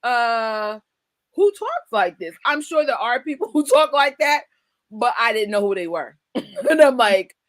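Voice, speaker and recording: A woman in her forties from the United States hosting a casual chat, emphatic and animated, often breaking into laughter. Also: high voice, moderate pace, no echo. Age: 40s. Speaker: host.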